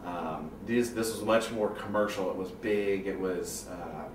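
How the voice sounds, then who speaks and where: A man's voice: deep voice, a little slow, distant mic, slight background noise. A man thoughtfully recalling revival meetings from his childhood in an interview. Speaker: choir member. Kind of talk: reflective interview talk. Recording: roomy, off-mic with faint ambience.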